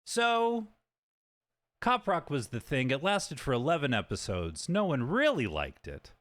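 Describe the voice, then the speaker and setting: A man giving casual live-stream commentary while he plays a video game. His voice sits a little high and swings up and down with plenty of life. He jokes around and lets out sudden yelps and the odd curse. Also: unhurried. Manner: animated and joking, with sudden yelps and swearing.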